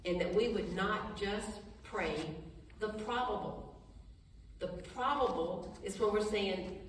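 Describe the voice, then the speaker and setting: A woman's mid-range voice, faint and echoing from across a hall over slight background noise, guides a Bible study. She reads scripture and then explains it in plain, casual talk, stumbling into restarts, laughing briefly, and softening and slowing when she prays.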